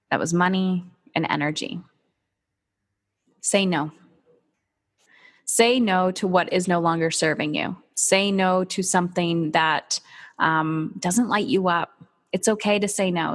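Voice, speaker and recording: A woman's voice: lowish voice, measured pace, pauses often. Emphatic woman speaker in a reverberant hall. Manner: energetic, emphatic, candid with casual swearing. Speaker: motivational speaker. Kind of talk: motivational talk.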